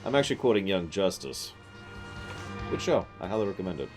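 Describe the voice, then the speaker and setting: A man's voice: sits low, big pitch swings, a little fast. A man giving casual gameplay commentary on a stream, with wry, joking asides. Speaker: game streamer. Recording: game music underneath.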